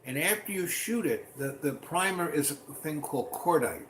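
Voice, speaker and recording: A man telling a rambling personal story in a casual, animated way, acting out what people said. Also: fairly high pitch, normal speed. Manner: rambling, animated, acts out quotes. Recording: roomy with faint ambient noise.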